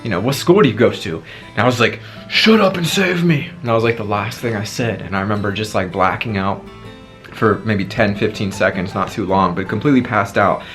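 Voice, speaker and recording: A man's voice: lowish voice, brisk, fairly bright tone, soft background music. A man in his twenties telling a dramatic personal story on his vlog, acting out his own past lines, with a sore throat. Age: 20s. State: sore throat after tonsil surgery. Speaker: vlogger.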